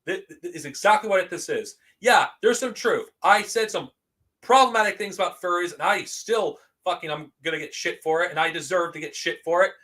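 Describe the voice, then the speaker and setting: A man's voice: high voice, brisk, bright, forceful tone. A man streamer reacting to a stream about himself, talking back indignantly and swearing as he defends his views. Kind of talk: angry reaction commentary.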